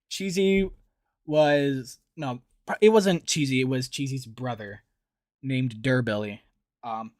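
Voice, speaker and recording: A man hosting a casual reaction video, chatty and excitable, laughing easily as he comments. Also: mid-range voice, dry recording, clean studio sound.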